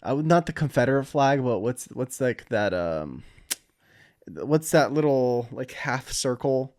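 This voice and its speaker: Man, mid-pitched voice, casual podcast talk, swears a lot, joking. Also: big pitch swings, unhurried, darkish tone. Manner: profane, joking.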